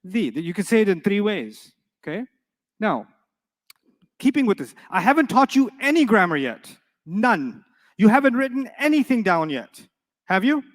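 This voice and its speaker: A man teaching an Arabic grammar class in a classroom, playful and animated, quizzing his students with quick questions. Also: high voice. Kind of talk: classroom lecture.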